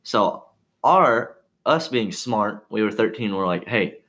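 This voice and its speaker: A young man with a drawl and a fairly low voice tells long, meandering stories in casual chat. His delivery is profane and loose, broken by frequent laughter. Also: expressive, slow pace, sharp tone, husky. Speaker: friend telling stories.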